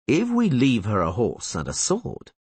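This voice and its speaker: A man's voice: medium pitch, wildly swooping pitch, normal speed, slightly rough, no echo, pitched above the performer's own voice. A man voicing a blunt male gang leader who fires off curt questions.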